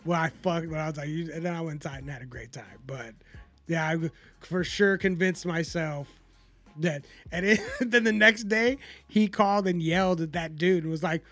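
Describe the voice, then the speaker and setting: A man with a high, gravelly voice tells a rambling, profane story in casual chat and acts out every quote. His tone is bright and edgy, and the recording is dry and close. Faint music plays underneath. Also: brisk, dry recording.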